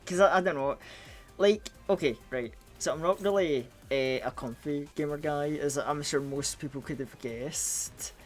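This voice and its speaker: A man's voice: on the high side, moderate pace, faint music behind. A man streaming a game, chatting casually and rambling with lots of restarts while groggy from a cold. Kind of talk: casual live gaming stream chat.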